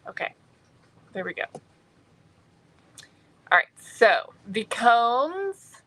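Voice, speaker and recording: A woman's voice: on the high side, sing-song, extremely slow, fairly bright tone, rough recording. A middle-aged woman hosting a live craft-shop stream, chatting and answering viewer comments. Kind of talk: live-stream product showcase.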